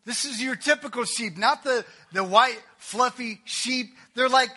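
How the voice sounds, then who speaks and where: A man preaching a sermon as pastor, talking conversationally with quick asides, swinging from loud emphatic lines to hushed, near-whispered ones. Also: sits high.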